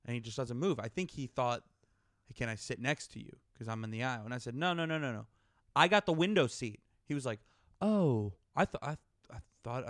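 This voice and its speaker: A man's voice: mid-range voice, no room sound, studio quality. A young man co-hosting a podcast, telling a story in casual chat and acting out both sides of it. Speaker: podcast co-host.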